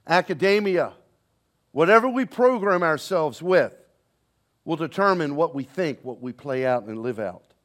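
A man preaching a sermon to a congregation, swinging between soft, slow lines and loud, quick ones and calling on the listeners to respond. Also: high voice. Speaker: pastor. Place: church sanctuary with congregation, also streamed online.

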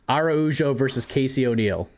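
Co-host, male, mid-pitched, easygoing list reader who comments between picks. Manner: reads lists of matchups, chuckles often. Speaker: podcast co-host. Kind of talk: casual chat reading listener picks.

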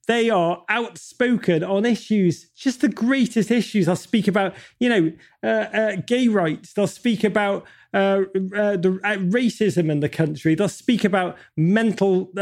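A man speaking as an interview guest, emphatic and impassioned, building rhetorical lists and swearing casually. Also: high-pitched. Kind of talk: passionate interview talk.

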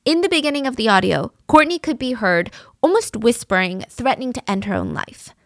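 A woman with a fairly high voice narrates a true-crime podcast in an earnest, descriptive way. She is recorded dry and close to the mic. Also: animated, brisk, fairly bright tone, dry recording. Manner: earnest and descriptive, reads out quotes from audio.

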